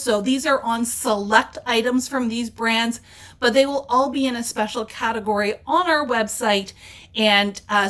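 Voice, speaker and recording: A woman's voice: on the high side, fairly bright tone. A woman hosting a casual craft store update, chatty and upbeat, with plenty of fillers. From Canada. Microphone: off-camera mic with slides.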